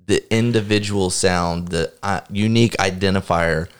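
A man's voice: low voice, steady tone, normal speed, clean tone. A man co-hosting a podcast, telling exasperated, profane stories in casual chat. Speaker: podcast co-host.

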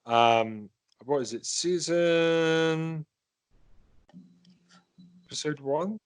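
A man's voice: on the high side, very slow, smooth, no echo. Rambling man, dry close sound. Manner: rambling, swears freely, many fillers and restarts. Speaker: podcast co-host. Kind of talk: casual chat.

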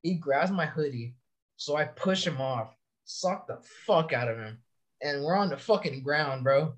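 A man's voice: fairly high pitch, lively intonation, measured pace. A young man from California, a soldier, telling long profane stories in casual chat. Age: young adult. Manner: profane, rambling storytelling. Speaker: soldier podcast guest.

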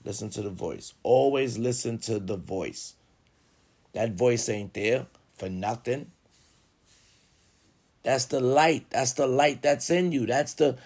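A man giving casual motivational talk, preaching emphatically and swinging from low murmurs to loud urging. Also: slightly rough. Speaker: motivational vlogger.

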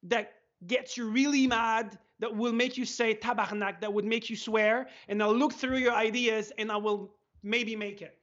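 Quebec French man, excitable guest in a casual chat, lo-fi sound. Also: sits high, normal speed, hardly any pauses. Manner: excitable, laughing, swearing. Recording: dull lo-fi sound.

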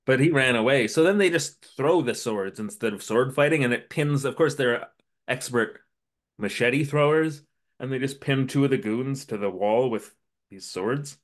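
A man co-hosting a podcast, recapping a TV episode in casual chat and briefly acting out the characters' lines. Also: medium pitch. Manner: acts out characters' lines in quick voices. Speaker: podcast co-host.

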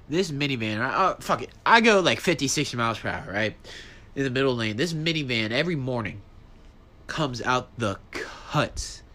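Solo podcast host, male, bright, forceful voice, casual and profane, ranting with big animated jumps in pitch.

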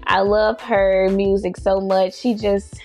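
A woman chatting casually as a podcast host, laughing often and stretching out her words. Her voice sits at a middle pitch, with faint music under the talk. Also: level tone, takes it slowly, a little mellow. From not from the US East Coast. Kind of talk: casual chat.

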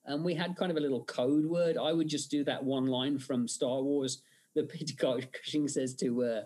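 A man's voice: mid-range voice, steady tone, normal speed, darkish tone. A man, a film director guest in an interview, talking at length with many fillers and restarts. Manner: rambling storyteller, frequent fillers and restarts. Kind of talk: conversational interview.

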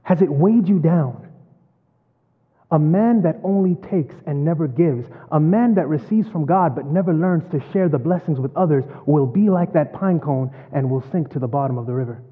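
A man's voice: on the high side, lively intonation, normal speed, breathy edge. Preacher man in an echoing hall. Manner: storytelling preacher, dramatic swings from loud to hushed. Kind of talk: sermon. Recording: phone-like, long hall reverb.

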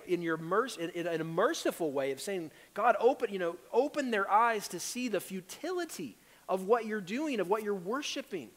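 A pastor preaching a sermon with earnest urgency, rising to loud pleas and dropping to hushed tones. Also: male voice, high voice, in a large hall. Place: church sanctuary.

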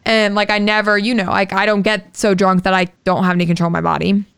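Young woman on a podcast, super smooth clear voice, dry close sound, lots of "like". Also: medium pitch, little pitch movement, fast talker, a bit bright, no echo. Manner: candid, swears freely, fillers like "like". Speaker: podcast co-host. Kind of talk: casual storytelling chat.

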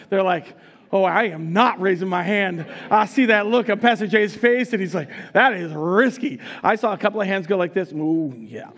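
A man preaching a live sermon in a church, teasing his congregation and laughing often as he talks. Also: sits high. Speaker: pastor. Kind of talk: live sermon with audience interaction. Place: church sanctuary.

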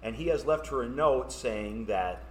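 A man's voice: medium pitch, animated, measured pace, darkish tone, a little hiss or hum. A man hosting a podcast, chattily recapping a movie's plot with his guest. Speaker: podcast host. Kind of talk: casual film discussion. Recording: roomy echo.

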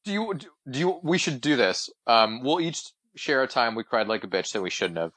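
A man's voice: medium pitch, very animated, fairly quick, a bit bright. A young man co-hosting a casual podcast, blunt and opinionated, swearing freely. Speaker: podcast co-host.

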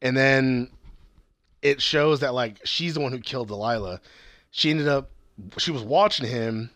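A man's voice: mid-range voice, a little slow, fairly bright tone, no echo. A young man casually recapping a TV series, rambling and swearing as he acts out the characters' lines. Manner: rambling, profane, acts out quotes.

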